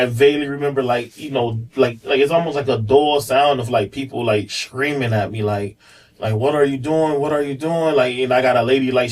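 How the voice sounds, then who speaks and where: A police officer guesting on a podcast candidly tells a personal story, rambling with lots of fillers and repetition. His voice is medium-pitched and sounds far from the mic, in a low-quality recording.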